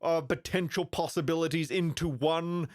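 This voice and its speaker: A man's voice: a little high, fairly even intonation, moderate pace, darkish tone, no echo, studio quality. A man hosting a reaction video in casual commentary, rambling, stumbling over words and swearing.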